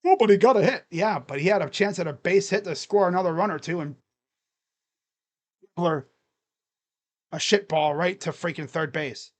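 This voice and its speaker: A man doing excitable live play-by-play as a fan, cheering, chanting and grumbling at his team. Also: a little high, moderate pace, pauses often. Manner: animated, cheering and chanting, swings to muttered grumbling. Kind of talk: excited live game commentary.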